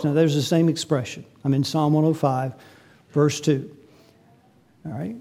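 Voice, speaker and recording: A man preaching a sermon, swinging between loud, emphatic lines and quiet asides as he works through a scripture passage. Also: a little high, fairly even intonation, measured pace. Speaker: pastor.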